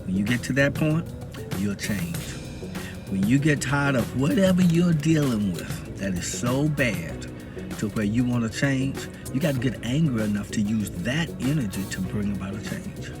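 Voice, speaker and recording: A man from the Southern US gives a loose, preaching monologue, laughing often as he goes. His pitch swings widely and animatedly. Clear music plays underneath his voice. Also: expressive, moderate pace. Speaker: video blogger. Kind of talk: casual spoken monologue.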